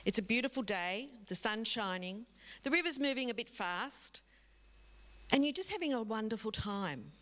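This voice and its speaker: A woman's voice: a little high, expressive, moderate pace, a bit bright. A middle-aged woman giving a public talk as a guest speaker, telling a vivid story and speaking directly to the audience. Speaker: guest speaker from a drug foundation.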